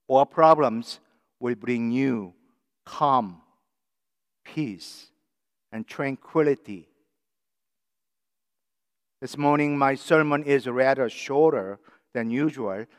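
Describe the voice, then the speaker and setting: Slow, deliberate preacher in a reverberant church. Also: male voice, medium pitch, clear, resonant tone. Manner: slow, deliberate emphasis on single words. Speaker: pastor. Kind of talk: sermon. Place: church sanctuary.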